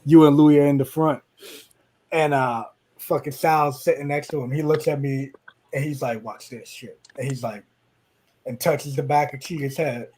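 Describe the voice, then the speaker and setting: A man's voice: a little high, moderate pace. A man co-hosting a podcast, telling a story among friends, laughing often and acting out quotes. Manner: animated, laughing, acts out quotes in raised voices. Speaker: podcast co-host.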